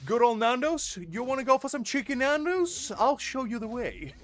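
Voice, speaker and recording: A man putting on a patriotic British bloke with a put-on British accent, loud, indignant and boastful. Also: very high-pitched, lively intonation, moderate pace, voice pushed up. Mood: blustering.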